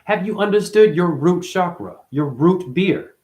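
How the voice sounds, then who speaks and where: A man giving a rambling, profane spiritual talk as a teacher, now and then breaking into sudden high yelps and exclamations. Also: sing-song, a little fast, few pauses, darkish tone. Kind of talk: animated spiritual monologue.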